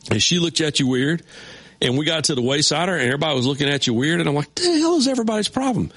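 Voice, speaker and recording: A middle-aged man hosting a sports radio show, telling a story in a chatty, animated way. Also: on the high side, rapid-fire, slightly rough. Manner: animated, acts out voices in his stories. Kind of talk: casual storytelling.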